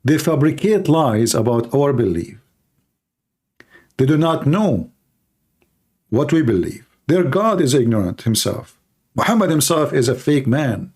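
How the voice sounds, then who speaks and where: A man hosting a live call-in debate stream, mocking and combative in manner, his voice hoarse and tired with occasional coughs. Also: medium pitch, big pitch swings, unhurried, pauses often, a little mellow. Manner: mocking, combative, repeats points rhetorically. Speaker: livestream host debating callers.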